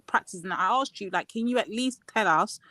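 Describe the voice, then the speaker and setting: A woman's voice: medium pitch, lively intonation, a little fast, bright, forceful tone, no room sound. A woman hosting a casual panel chat, laughing often and pressing a guest with questions. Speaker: host.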